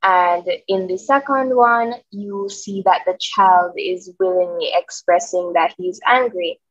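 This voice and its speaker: A young woman student sharing her view in an online discussion, thoughtful and measured. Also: on the low side, no room sound. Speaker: student participant. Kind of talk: discussion contribution. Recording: muffled video call audio.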